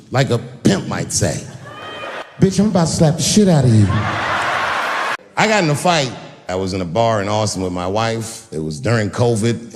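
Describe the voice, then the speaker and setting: A man's voice: fairly low pitch, noisy background. A middle-aged man performing a stand-up comedy set, telling stories and acting out voices in a large venue. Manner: animated storytelling with acted-out voices. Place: large venue with a live audience. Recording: live hall recording with long reverb.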